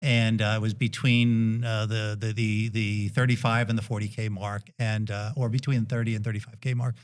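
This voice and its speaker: A middle-aged man with a Brooklyn accent, a podcast guest telling a story in a relaxed, gentle way with many hesitations. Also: fairly low pitch, normal speed, clean tone. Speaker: guest dentist and endurance athlete.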